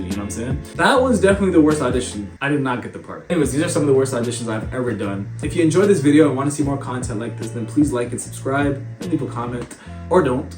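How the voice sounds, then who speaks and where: A young man rattles off his stories at a fast clip and acts out each scene as he goes. His voice sits a little high and carries an animated spark. The room sounds roomy, with guitar music playing underneath. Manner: animated, acts out scenes, laughs while telling. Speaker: vlogger. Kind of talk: casual storytelling.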